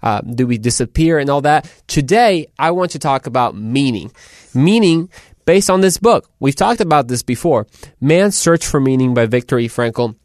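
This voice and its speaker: A man hosts his own podcast in loose, animated chat, circling back and restarting his sentences. His voice sits at a middling pitch, and the sound is dry and close. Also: normal speed, no echo. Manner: chatty, animated, rambling with restarts. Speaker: podcast host. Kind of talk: casual podcast talk.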